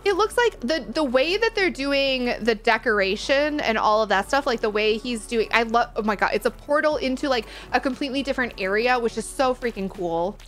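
A woman giving live reaction commentary as a gaming streamer, excitable and gushing, full of exclamations. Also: on the high side, brisk, few pauses, soft background music.

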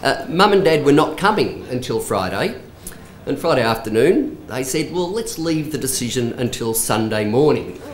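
A middle-aged man with a husky, hoarse voice gives a response speech for his father, telling humorous anecdotes and engaging the audience. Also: medium pitch, big pitch swings, normal speed. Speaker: son of the honoree, giving a response speech. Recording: echoey hall with faint ambience.

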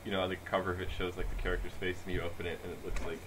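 A man's voice: sits low, completely flat delivery, very fast, noisy background. A man co-hosting a podcast, bantering casually and laughing often. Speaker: podcast co-host.

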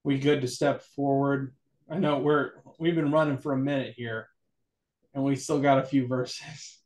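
With a medium-pitched voice and a moderate pace, this man co-hosts a relaxed church talk show, musing aloud and joking animatedly, then moving on to read verses from scripture as a church podcast co-host.

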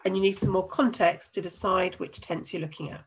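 A woman teacher with an English accent and a cold, patiently explaining a recorded lesson and slowing down to spell things out. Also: fairly low pitch, fairly even intonation, vocal fry, breathy edge, lo-fi sound. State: has a cold.

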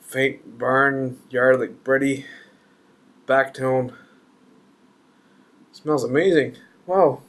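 A man's voice: medium pitch, very slow, long pauses, a bit bright. A man reviewing a beer on camera, chatty and joking as he thinks aloud. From Canada.

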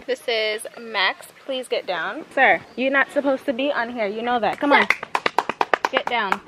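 A young woman from Jamaica talks casually to her camera, quick to laugh and fond of cooing at pets. Her voice sits a little high. The phone recording carries a clear layer of background noise. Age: 20s. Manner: chatty, laughs often, coos at pets. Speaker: vlogger. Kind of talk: casual vlog talk to camera. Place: in a car, then outdoors at a family home.

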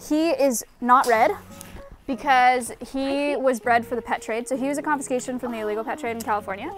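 A woman's voice: high-pitched, fairly quick, soft background music. A woman guiding a tour of an outdoor animal enclosure and explaining the animals in an informative way, with a few fillers. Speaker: sanctuary guide. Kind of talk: educational tour talk.

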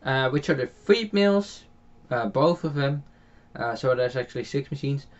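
A man's voice: medium pitch, expressive, moderate pace, dull audio. A man with a Dutch accent giving casual, hesitant commentary on a farming game, voiced after the recording, with many filler sounds and restarts. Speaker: game channel host.

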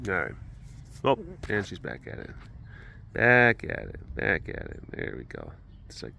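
A man's voice: sits low, wildly swooping pitch, a little slow, gravelly, pauses often. Chatty man cooing to big cats. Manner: chatty, laughs often, coos softly to the cats. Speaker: vlog host at a big cat rescue. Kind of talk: casual walkaround vlog chat. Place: outdoors at an animal compound.

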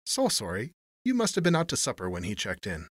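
A man's voice: lowish voice, huge pitch swings, a little fast, no echo, clean studio sound. A man voicing a lazy, smug young hotel clerk who drawls and mocks. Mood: polite. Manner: drawling, mocking.

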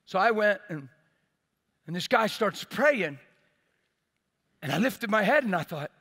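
A man preaches in a very high, ringing voice, swinging from loud emphatic bursts to hushed, near-quiet passages. His bright tone carries a long reverb from a large hall. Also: expressive, normal speed. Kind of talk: sermon.

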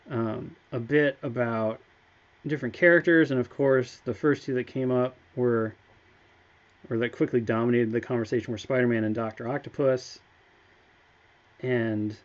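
A man's voice: mid-range voice, dull audio. A man on a game studio's livestream, telling a story in an enthusiastic, chatty way. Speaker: game studio staff member. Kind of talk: casual livestream chat.

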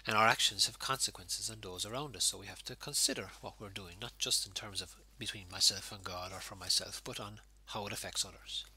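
A man's voice: on the low side, a little fast, few pauses, bright, forceful tone. A man with an Irish accent, a pastor giving an informal home worship sermon in a conversational way with fillers.

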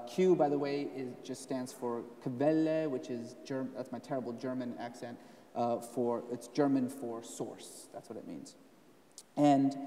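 An author and scholar with a warm, mid-range voice explains at length during a live onstage conversation in a hall, stressing words emphatically. Picked up from a distance, his voice sounds roomy.

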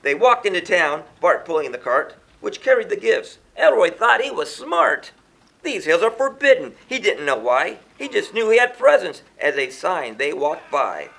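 A man's voice: high voice, very animated, moderate pace, creaky, a bit bright. A man reading a rhyming children's story aloud in a sing-song way, chanting the refrains.

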